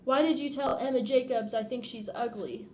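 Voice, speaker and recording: A woman's voice: on the high side, moderate pace, darkish tone, slight background noise, close to an everyday voice. A woman reading the lines of an angry seventh-grade boy bully who hurls accusing questions.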